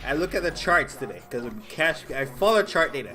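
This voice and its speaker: A man's voice: on the high side, sing-song, brisk, sharp tone. A young man co-hosting a podcast, joking and teasing in casual chat. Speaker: podcast co-host.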